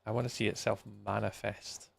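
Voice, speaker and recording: A man's voice: fairly low pitch, little pitch movement, fairly quick, creaky, a little hiss or hum. A man chatting casually with viewers on a live game stream, tired and yawning as he reacts to messages while he plays.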